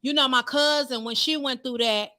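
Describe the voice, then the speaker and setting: A woman's voice: high voice, fairly even intonation, moderate pace, sharp tone, voice pushed down. A woman voicing a nosy gossiping woman who tells grim stories in a knowing, discouraging tone.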